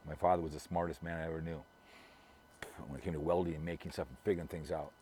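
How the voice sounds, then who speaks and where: A middle-aged man with a very low, deep voice rambles through a casual vlog, repeating himself and restarting sentences as he gossips. Soft background ambience sits behind him. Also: little pitch movement, fast, slight background noise. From Minnesota, US. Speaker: vlogger.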